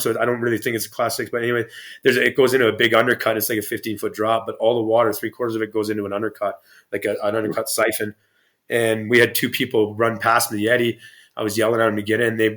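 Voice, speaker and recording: A man's voice: lowish voice, fairly bright tone. A man guest on a podcast interview, telling stories in a rambling, profane way with many restarts. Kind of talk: casual storytelling interview.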